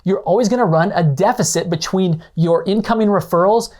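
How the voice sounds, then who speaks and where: A man's voice: high voice, a little fast, a little mellow. A man explaining real estate leads and referrals as a coach, acting out short phone calls as examples. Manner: explanatory, slightly dramatized role-play of callers. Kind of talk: instructional talk with acted phone-call examples.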